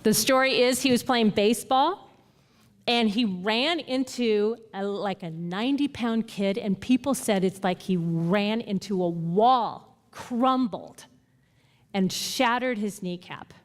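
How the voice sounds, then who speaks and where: A woman with a mid-range voice leads a Bible study, teaching earnestly and retelling stories complete with quoted dialogue. She speaks slowly in a conversational way, and the audio has a big-room sound.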